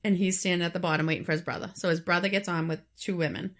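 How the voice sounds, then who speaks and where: A woman's voice: fairly low pitch, rapid-fire. A woman co-hosting a podcast, casually telling a true story with frequent fillers and restarts. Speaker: podcast co-host.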